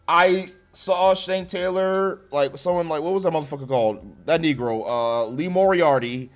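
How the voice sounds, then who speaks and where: A man's voice: on the high side, moderate pace, soft background music. Blunt, foul-mouthed man ranting. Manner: blunt, sarcastic, swears heavily. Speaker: wrestling show reviewer. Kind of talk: profane ranting review.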